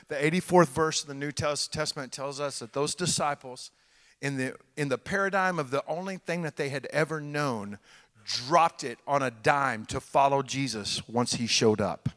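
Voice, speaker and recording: Middle-aged Texan man, guest preacher, bright and forceful voice, folksy sermon in a reverberant church hall. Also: mid-range voice. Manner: folksy, animated, jokes with the congregation.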